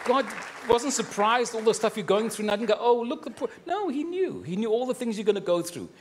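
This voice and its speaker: A high, sing-song male voice moves briskly through a live sermon as he prophesies over individuals in the congregation, fervent and affectionate and often laughing or joking. A faint crowd and slight background noise sit behind him.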